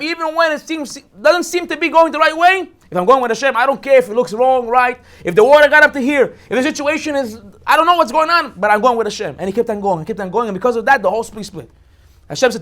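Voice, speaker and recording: Teaching this week's Torah portion, a rabbi narrates in a lively way, performing the quoted lines and adding jokes. He speaks fast in an extremely high-pitched voice.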